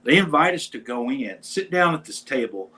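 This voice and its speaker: A man with a medium-pitched voice, speaking at normal speed, appears as a musician guest on a talk show. He tells a casual anecdote with real animation, acting out the lines people said.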